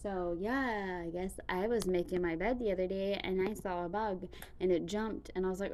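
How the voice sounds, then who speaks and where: A woman's voice: on the low side, steady tone, moderate pace, a little mellow, slight background noise. A woman vlogger chatting casually to her viewers in a rambling way, full of "like". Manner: chatty, rambling, with frequent fillers like "like". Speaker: reaction vlogger.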